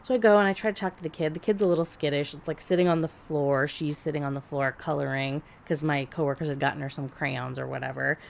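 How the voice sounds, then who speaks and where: A woman on a podcast telling a story in casual chat, blunt and profane, animated and laughing as she talks. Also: low voice, fast, gravelly, few pauses, a little hiss or hum. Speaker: podcast co-host.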